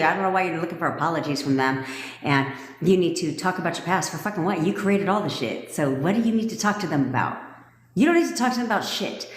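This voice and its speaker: Blunt, low-voiced woman coach in an echoey room. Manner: blunt and profane, laughs often. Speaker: manifestation coach. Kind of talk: casual livestream talk. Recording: echoey room with long reverb.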